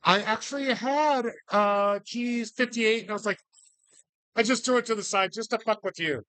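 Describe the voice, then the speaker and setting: High-voiced sarcastic male bingo host. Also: normal speed, sharp tone. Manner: sarcastic, joking, loose and profane. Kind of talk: casual live hosting with banter. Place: bar, live event.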